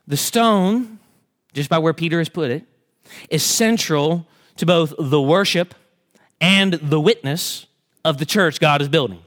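Male pastor, high voice, sermon delivery, hushed-to-fervent swings. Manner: builds to fervent, high-pitched emphasis; drops to slow, hushed tones on key verses.

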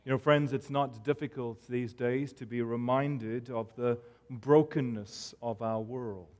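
A man delivering a sermon at an unhurried, deliberate pace. His voice sits at an ordinary middle pitch, and he lets his phrases settle with pauses as he speaks to his listeners. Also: fairly even intonation, a little mellow. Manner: slow, measured delivery with pauses. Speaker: preacher.

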